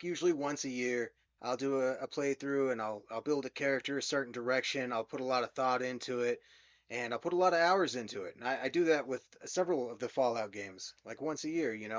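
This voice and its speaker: A man's voice: medium pitch, fairly bright tone, no echo, dull audio. A man in his thirties hosting a gaming channel, giving a chatty, candid game review monologue. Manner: chatty and candid, with many fillers and restarts.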